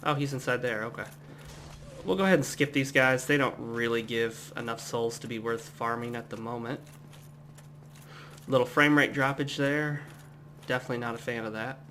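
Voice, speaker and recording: A young adult man from the United States giving relaxed, rambling commentary as he plays a game at home. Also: mid-range voice, moderate pace, a little hiss or hum. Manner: relaxed, rambling, chatty asides. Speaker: gameplay commentator. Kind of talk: casual let's-play commentary.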